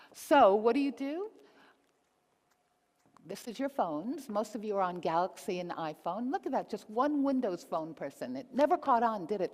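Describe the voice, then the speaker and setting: A woman giving a live conference talk, upbeat and often asking the audience questions. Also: medium pitch. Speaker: conference speaker. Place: conference hall. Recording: reverberant hall.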